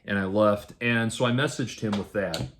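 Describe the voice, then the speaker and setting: A man casually telling a personal story in a halting way, often restarting and correcting himself. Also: on the low side, a bit bright, a little hiss or hum.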